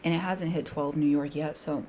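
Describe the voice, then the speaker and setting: Over heavy background noise, a woman with a low, steady voice talks at normal speed. In this casual talk-along while trading, she streams her session as a day trader, voicing her thoughts in slang, coaching her audience emphatically, and occasionally falling to a whisper.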